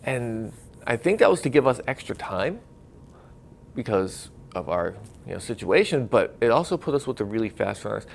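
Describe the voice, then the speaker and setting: A man with a gravelly, creaky edge to his mid-pitched voice tells his marathon story. His manner is casual and enthusiastic. He climbs louder and higher when he relives the crowd. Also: moderate pace, slight background noise. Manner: enthusiastic, gets loud and excited when retelling the crowd. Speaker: marathon runner telling his race story.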